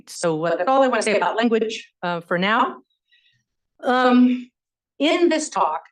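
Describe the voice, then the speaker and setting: A woman history professor giving an academic lecture in a measured, explanatory way, often pausing on "um" and "you know". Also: fairly low pitch, low-quality recording.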